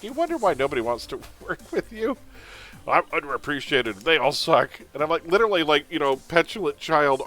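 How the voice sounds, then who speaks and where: A man's voice: medium pitch, a bit bright. A man chatting casually on a live game stream, rambling and opinionated, often calling his viewers folks. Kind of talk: casual gaming stream chat.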